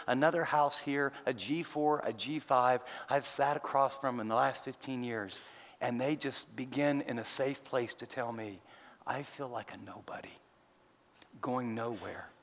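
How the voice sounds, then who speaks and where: An older man preaching in a hall with a long, ringing reverb, his voice sitting a little higher than most men's. He tells his story earnestly and confidingly, slipping in wry jabs at himself. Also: fairly bright tone. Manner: earnest, confiding, with self-deprecating asides. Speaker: pastor. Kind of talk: conversational sermon storytelling.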